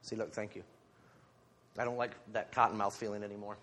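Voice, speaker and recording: A man's voice: fairly low pitch, little pitch movement, a little fast, fairly bright tone, slight background noise. A man giving an informal church sermon to his congregation on a handheld microphone, candid and self-deprecating, with joking asides. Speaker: lay preacher. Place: church sanctuary. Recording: long hall reverb.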